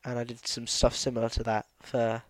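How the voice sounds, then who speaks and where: A man hosts a loose podcast chat over a voice call, laughing a lot and tripping over his own restarts. His voice sits at an ordinary pitch and comes through dry and close, with no room around it. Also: completely flat delivery, brisk, no echo. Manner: laughs often, restarts sentences. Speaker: podcast host. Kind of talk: casual chat.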